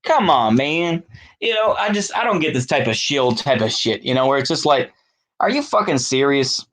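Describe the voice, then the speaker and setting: A man's voice: medium pitch, expressive, a little fast, fairly bright tone. A man with a Texan accent, ranting to camera as a political commentator, profane and exasperated, with sarcastic asides. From Texas. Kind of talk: solo rant to camera.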